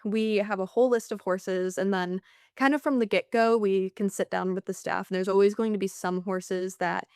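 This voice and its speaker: Young woman grad researcher, chatty and relaxed, smooth clear voice, dry close mic. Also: mid-range voice, moderate pace, no echo. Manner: relaxed, chatty with fillers like 'like'. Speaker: graduate researcher, guest. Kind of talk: casual interview explanation.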